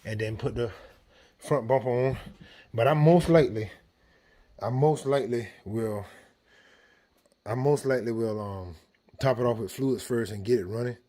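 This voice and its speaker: With a dark tone at mid-range pitch, a home mechanic talks his audience through repairing a car in easy, informal steps. He's doing the work right there in his garage.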